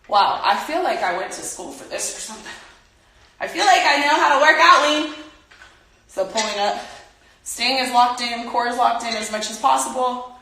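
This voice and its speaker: A young woman with a medium-pitched, pushed and bright voice leads a casual workout at home, chatting breathlessly as she exercises. She's recorded from a distance in a very echoey room.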